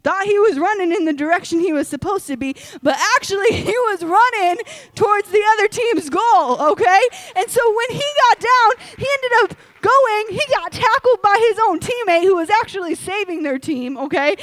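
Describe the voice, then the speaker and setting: A woman's voice: extremely high pitch, moderate pace, dry recording. A young woman preaching to a youth group in a gym, telling stories animatedly and checking in with "okay?" after nearly every line. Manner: animated storytelling, peppered with "okay?". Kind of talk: energetic sermon to a youth group.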